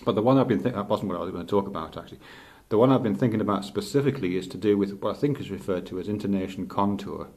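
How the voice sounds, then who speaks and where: A middle-aged male teacher thinking aloud in a halting, reflective way, with many restarts. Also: fairly low pitch, a little mellow. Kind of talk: unscripted spoken reflection.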